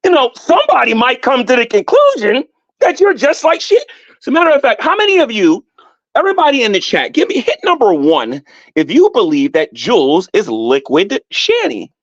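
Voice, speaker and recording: A man mocks online rivals to his chat, laughing often as he talks. His pitch swings widely. The audio is dull and dry, with no room sound. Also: moderate pace, no echo. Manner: animated, roasting, frequent laughter. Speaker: YouTube commentator. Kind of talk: mocking rant to a livestream chat.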